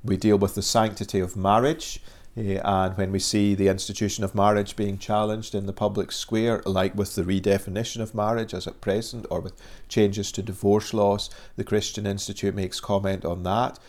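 A man in his forties from Scotland, with a Scottish accent tinged with Northern Irish, explaining the work of a Christian charity as a guest in steady, formal answers. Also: lowish voice, moderate pace. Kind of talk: measured interview answers.

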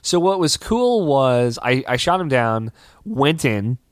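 A man in casual podcast chat, animated, swearing freely and laughing often. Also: medium pitch, slow pace, dry recording, studio quality. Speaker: co-host.

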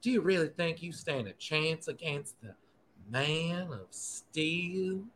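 A man voicing a sharp, quick-witted female reporter who teases in a dry way during a casual table read. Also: on the high side. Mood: teasing.

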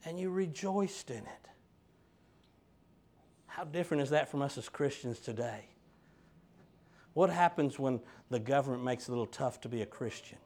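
A middle-aged man, preaching a sermon with animated swings from quiet talk to loud fervor. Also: medium pitch, normal speed, pauses often.

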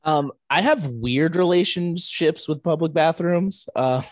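A young man sharing awkward childhood stories in casual chat, halting and self-deprecating. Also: a little high, dry recording, studio quality.

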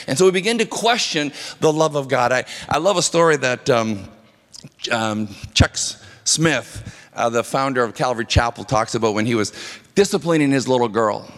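A man's voice: medium pitch, animated, normal speed, a bit bright. A man preaching a sermon as pastor, earnest and conversational, often repeating words as he goes. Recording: long reverb of a hall.

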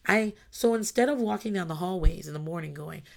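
A woman with a slightly low voice talks frankly about raising her kids. She swears freely and acts out little scenes, shifting into her kids' whiny voices and her own stern or thankful tones. Her delivery is animated and casual. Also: a little fast, creaky. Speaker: parent. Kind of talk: casual talk to camera about parenting.

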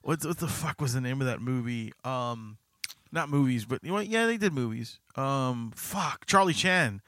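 This is a man hosting a podcast, chatting casually in a rambling, hesitant way full of fillers and cursing. His voice is medium-pitched with lively intonation at a normal speed. The fairly bright tone comes through on a dry, clean studio recording.

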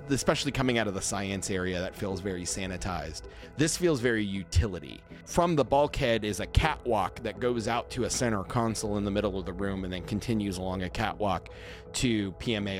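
A man running a science-fiction tabletop game as game master, describing scenes in nerdy detail and laughing often. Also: lowish voice. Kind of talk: narrating a sci-fi tabletop game.

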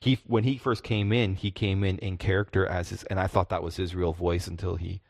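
Deep-voiced man with dry close sound. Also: fairly quick, creaky, no echo. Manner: stammering restarts, animated. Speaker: podcast co-host, game master. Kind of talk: casual chat.

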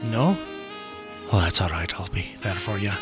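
A man voicing a rough-hewn, loyal male hunting buddy with a put-on Irish accent, teasing and affectionate. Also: deep voice, lively intonation, moderate pace, over loud music, voice pushed down. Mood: fondly teasing.

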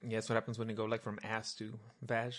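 A man's voice: on the low side, monotone, quick pace. A man co-hosting a casual podcast who cuts in with short, dry remarks. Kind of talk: casual chat.

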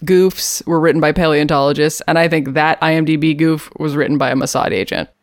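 A woman's voice: low-pitched, brisk, dry recording, clean studio sound. A woman co-hosting a podcast, recapping a TV episode in a chatty, jokey way with lots of fillers and laughter. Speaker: podcast co-host. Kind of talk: casual chat recapping a TV episode.

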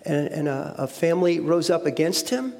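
A man's voice: fairly high pitch, expressive, moderate pace, gravelly, mellow. Man preaching in a reverberant hall. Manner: conversational, repeats words, asks the audience questions. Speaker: guest speaker. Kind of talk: sermon.

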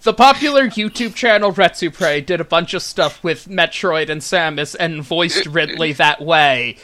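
A man's voice: on the high side, measured pace, a crowd in the background. A man from New Jersey co-hosting a casual chat, explaining background for the listeners. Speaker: podcast co-host.

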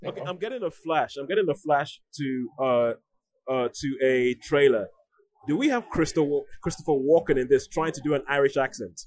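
A man's voice: mid-range voice, moderate pace, darkish tone, no echo. A man hosting a casual radio film segment, joking and stumbling over his starts. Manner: joking, repeats words when starting. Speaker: radio host.

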